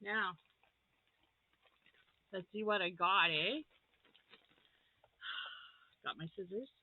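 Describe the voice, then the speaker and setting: A woman's voice: mid-range voice, very slow. A woman vlogger chatting casually as she unboxes crochet gifts, gasping and gushing with delight. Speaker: crafting vlogger. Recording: tinny phone-like sound.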